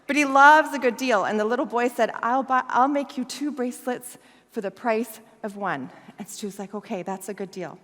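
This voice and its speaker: Woman, lively storyteller, laughs a lot, somewhat high voice, long hall echo. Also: normal speed. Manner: animated, laughing storyteller acting out dialogue. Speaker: guest speaker. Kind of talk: storytelling talk.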